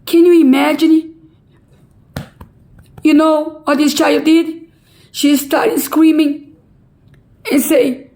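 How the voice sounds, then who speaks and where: A middle-aged woman making an impassioned, pleading public appeal in halting non-native English. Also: high-pitched, flat delivery, warm tone, poor audio. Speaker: relative pleading a court case.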